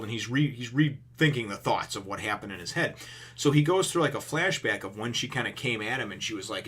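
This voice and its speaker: A man's voice: mid-range voice, animated, a little fast, pushed and bright, slightly rough. A man casually recapping a comic chapter, rambling and filling his talk with "you know". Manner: rambling, filler-heavy, with many "you know"s. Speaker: manga reviewer.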